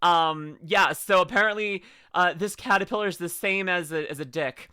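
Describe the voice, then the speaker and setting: Streamer reacting live, rambling and joking, bright voice, very dry sound. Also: mid-range voice, clear, resonant tone, no echo. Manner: goofy, rambling, quick to laugh and riff. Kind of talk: casual live reaction chat.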